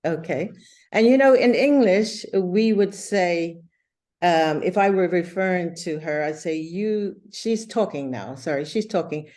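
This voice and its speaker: A woman teaching an English lesson over a video call, explaining slowly and patiently with many fillers. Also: fairly low pitch, a little mellow.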